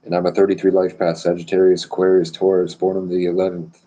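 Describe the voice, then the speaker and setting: A man's voice: deep voice, monotone, fast, warm tone, low-quality recording. A man rambling boastfully and provocatively on a live stream.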